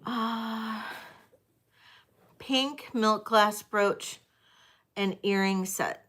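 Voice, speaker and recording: A woman's voice: medium pitch, drawn-out words, long pauses, fairly bright tone. A middle-aged woman hosting a live-streamed vintage jewelry sale, chatty and thinking aloud with many ums.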